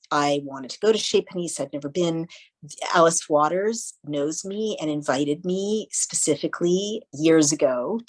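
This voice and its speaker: A woman guest in a casual interview, telling stories in an animated way and acting out the voices of people she quotes. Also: low-pitched, poor audio. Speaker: podcast guest.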